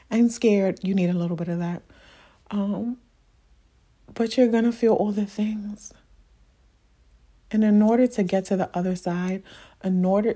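This young adult woman's voice is husky, dark and fairly low. Speaking alone on her podcast, she delivers an earnest, emotional pep talk and circles back to the same points again and again.

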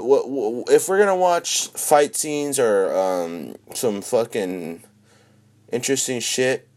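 A young man with a very low voice chats casually as he streams, cursing at almost every turn. His pitch leaps around a great deal, and he swings from low muttering to sudden excited shouts. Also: vocal fry. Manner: excitable, swears constantly, swings from mumbling to shouting. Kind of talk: casual profane livestream chatter.

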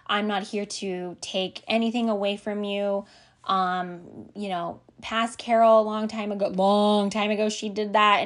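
Chatty woman rambling with laughs. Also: mid-range voice. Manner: acts out her own reactions in quoted asides. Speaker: podcast host. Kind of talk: casual conversational monologue.

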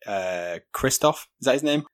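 A man co-hosting a casual film podcast, giving dry, deadpan opinions. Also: mid-range voice, normal speed. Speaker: podcast co-host.

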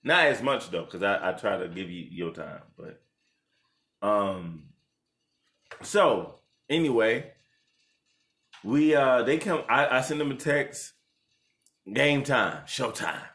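A young man casually retelling a story with his partner, animated and laughing, jumping into high voices when quoting people. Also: takes it slowly, pauses often. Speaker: co-host telling the proposal story. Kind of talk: casual couple chat.

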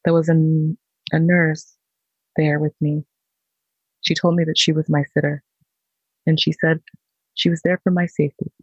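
A woman, a nurse, slowly telling her own story in a halting, reflective way. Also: deep voice, flat delivery, darkish tone, husky, no room sound, highs cut off. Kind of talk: personal storytelling.

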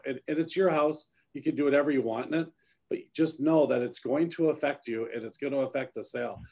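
A man's voice: mid-range voice, vocal fry, darkish tone. Emphatic male host on a rant. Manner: ranting, emphatic with repeats. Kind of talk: casual chat.

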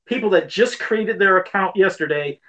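A man's voice: sits high, normal speed, fairly bright tone, lo-fi sound. A man co-hosting a casual podcast chat, talking in an earnest, rambling way that circles back on itself. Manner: rambling, earnest, repeats himself. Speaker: podcast co-host.

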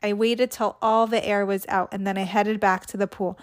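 A woman's voice: mid-range voice, flat delivery, moderate pace. A woman hosting a children's read-aloud, narrating a storybook. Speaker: host, reading to children.

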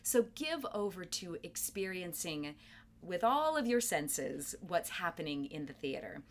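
A woman's voice: fairly low pitch, very animated, measured pace. A middle-aged woman theatre director in an interview, explaining terms thoughtfully and carefully, with plain enthusiasm for the craft. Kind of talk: interview conversation.

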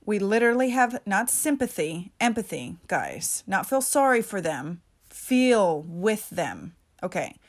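A woman's voice: mid-range voice, sing-song, a little slow, few pauses. Woman host of a solo pep-talk podcast; casual, emphatic, a little salty. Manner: emphatic, casual and chatty, peppered with mild swearing.

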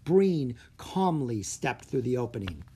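Slow, breathy storybook narrator. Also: mid-range voice. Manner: expressive storytelling. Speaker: audiobook narrator. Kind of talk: children's audiobook narration.

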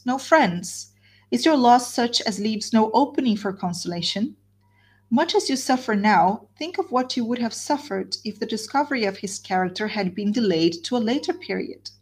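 A woman's voice: a little high, breathy edge. A woman reading a novel aloud, voicing a composed young woman who urges her sister earnestly and solemnly. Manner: earnest, urging, steady.

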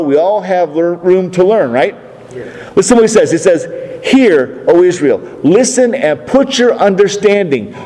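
A pastor preaching a sermon in a church hall, emphatic and full of rhetorical questions to the congregation. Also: male voice, high-pitched, dark tone. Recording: long reverb of a large hall.

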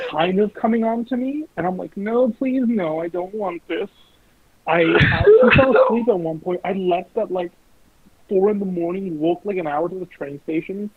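A young man casually telling animated, sweary stories about his dating life. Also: sits high, slightly rough, no echo. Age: young adult. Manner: animated, swearing, mimics voices in quotes. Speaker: guest. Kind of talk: casual storytelling. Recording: lo-fi phone-like recording.

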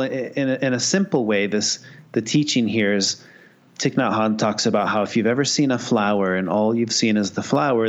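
A man calmly explaining a Buddhist teaching as an interview guest, thoughtful, with frequent restarts. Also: on the low side. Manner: thoughtful, many restarts, storytelling. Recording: dull lo-fi sound.

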